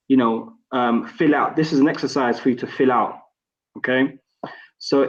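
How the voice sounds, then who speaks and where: A man teaching an Arabic class online, patiently correcting his students and encouraging them. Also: medium pitch. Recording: roomy, dull lo-fi sound.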